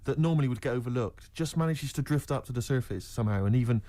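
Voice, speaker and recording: A man's voice: medium pitch, fast talker, dark tone. A man co-hosting a comedic radio show, making rambling jokes and introducing songs. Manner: joking, rambling.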